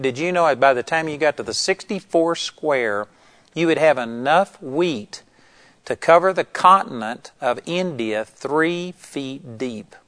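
A man's voice: fairly high pitch, dry recording. A man preaching a sermon on discipleship, earnest and emphatic, building to exclamations.

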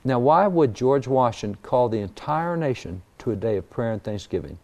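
A man explaining early national history in a talk, emphatic and animated, stressing key words. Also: medium pitch, normal speed. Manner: animated storyteller, emphatic, reads quotes aloud. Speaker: history guest. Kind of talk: conversational history lecture.

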